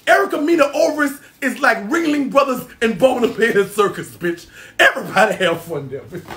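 A man's voice: very high voice, animated, brisk, fairly bright tone. A man ranting a brash, boastful comedic roast, swearing constantly and laughing often. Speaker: internet personality doing a roast. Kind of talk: profane comedic roast rant.

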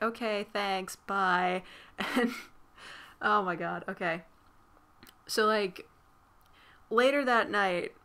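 Casual woman vlogger, bright tense tone, loose rambling delivery full of "like" and cursing. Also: medium pitch. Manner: rambling, filler-heavy, swears freely. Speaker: movie recap vlogger. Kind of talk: casual spoiler recap.

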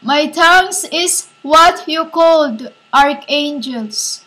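A woman giving a rambling spiritual monologue as a self-styled preacher, halting and repetitive, often calling her listeners "women". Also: sits high, bright, forceful tone, low-quality recording.

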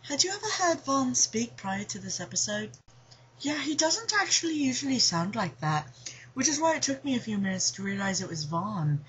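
A woman's voice: a little high, sing-song, a bit bright, husky. Sarcastic woman reading listener questions. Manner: sarcastic, quick, chatty. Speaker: podcast cast member answering listener questions. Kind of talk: casual chat reading out questions. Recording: dull lo-fi home recording.

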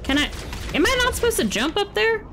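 A woman's voice: very high voice, big pitch swings, brisk, over music. A woman streaming a video game, chatting away and talking back at the game characters with sudden exclamations. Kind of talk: live gameplay commentary. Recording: game gunfire loud behind voice.

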